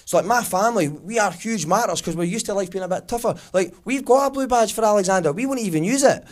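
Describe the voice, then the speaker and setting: A Glaswegian man in his thirties performing a stand-up comedy set, telling stories and slipping into quick voices of his family. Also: sits high, lively intonation. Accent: Glaswegian Scottish. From Scotland. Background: audience laughter.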